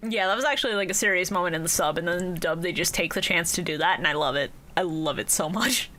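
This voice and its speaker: A woman's voice: lowish voice, fast, sharp tone, slight background noise. A woman co-hosting a podcast in casual chat, swearing freely and acting out quotes. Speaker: podcast co-host.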